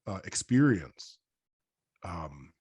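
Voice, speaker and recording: A man's voice: sits low, very animated, very slow, a little mellow, husky. A man hosting a podcast, asking long, rambling questions and affirming his guest enthusiastically. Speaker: podcast host. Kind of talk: podcast interview.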